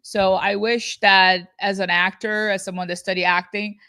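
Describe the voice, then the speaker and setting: A woman's voice: mid-range voice, little pitch movement, moderate pace, pushed and bright, clear, resonant tone, no room sound, studio quality. Chatty woman co-hosting a podcast. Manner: chatty, with many restarts and fillers. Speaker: podcast co-host. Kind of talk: casual reaction chat.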